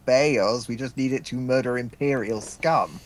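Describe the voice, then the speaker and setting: A man playing in a tabletop game, joking and excitable as he talks. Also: medium pitch, moderate pace. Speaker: player. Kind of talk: casual tabletop play.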